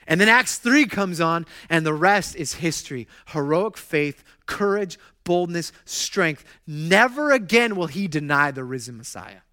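A male pastor preaching a sermon in a lively, conversational way, moving from loud exclamations to hushed storytelling. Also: on the high side, a little slow, hardly any pauses.

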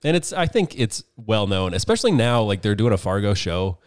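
A man co-hosting a casual movie podcast, talking in halting bursts with many fillers and frequent laughs. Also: fairly low pitch, sing-song, clear, resonant tone. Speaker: podcast co-host. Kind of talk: casual chat.

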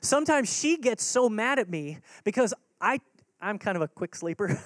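A man's voice: sits high, sing-song, moderate pace, no echo. A man preaching a sermon as pastor, earnest and conversational, repeating key words for emphasis.

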